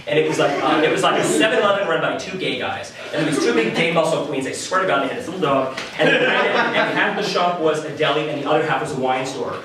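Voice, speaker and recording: A man tells a personal story to a live audience, candid and animated. His voice sits a bit high and swings widely in pitch. The sound is very echoey and distant, with faint room noise behind him. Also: fast, few pauses, a crowd in the background. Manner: animated, candid, laughs often. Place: live venue stage.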